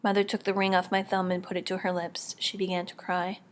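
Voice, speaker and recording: A woman narrating an audiobook in the first person, quiet and measured, often near a whisper. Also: fairly low pitch, little pitch movement, slight background noise. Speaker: audiobook reader.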